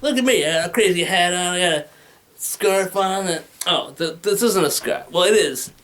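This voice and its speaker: A man in his thirties with a high, slightly bright voice performs a rambling, crude stand-up set at normal speed. Talking into a handheld microphone, he acts out voices with big swings.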